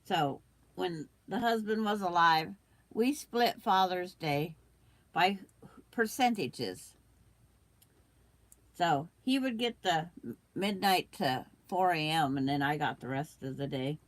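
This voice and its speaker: Older woman with the hiccups, a lowish voice, chatting casually as a sewing livestream host. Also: expressive, takes it slowly, long pauses, no room sound. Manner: chatty, reads out viewer comments, hiccups.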